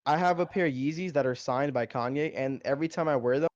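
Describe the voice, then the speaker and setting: A man's voice: medium pitch, quick pace, no room sound, lo-fi sound. A man with a New York accent chatting casually, filling his talk with "like". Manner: laid-back, says "like" a lot. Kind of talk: casual chat.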